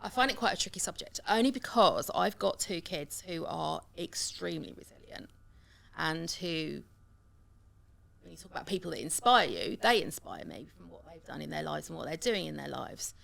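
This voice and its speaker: A woman in casual podcast chat, animated and opinionated, talking about her kids and schools. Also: deep voice, moderate pace, creaky.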